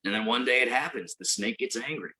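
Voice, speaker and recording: A man performing a stand-up comedy set, telling a long deadpan story and mock-cheering the crowd in sudden high bursts. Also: brisk, rough recording. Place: live venue with audience.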